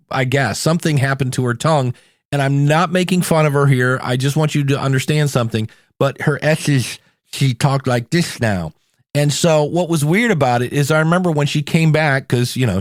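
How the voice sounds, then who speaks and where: A middle-aged man from the United States hosting a solo podcast, talking in a chatty, conversational way with animated asides. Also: medium pitch, no room sound, clean studio sound. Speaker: podcast host.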